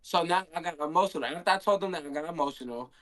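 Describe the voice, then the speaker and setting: A man's voice: on the high side, rapid-fire, fairly bright tone. A young man, a handball player, telling a story in a casual stream Q&A and acting out his own quotes.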